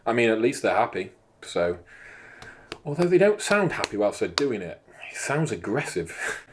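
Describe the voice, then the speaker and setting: A man's voice: fairly low pitch, very animated, moderate pace, a little hiss or hum. Sweary rambling man in his thirties. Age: 30s. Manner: rambling, sweary, self-mocking. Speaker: podcast co-host. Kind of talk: casual banter.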